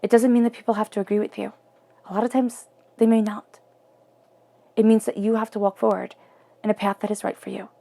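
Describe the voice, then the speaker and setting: A woman tarot reader talking in an earnest, intimate way, often dropping to a soft near-whisper. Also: mid-range voice, little pitch movement, fairly quick, gravelly, pauses often. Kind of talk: spoken tarot reading.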